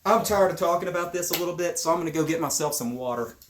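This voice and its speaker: A man's voice: on the high side, quick pace, fairly bright tone, echoey room, a little hiss or hum. A man hosting a podcast, chatting casually in a joking, rambling way. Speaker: podcast host. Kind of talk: casual chat.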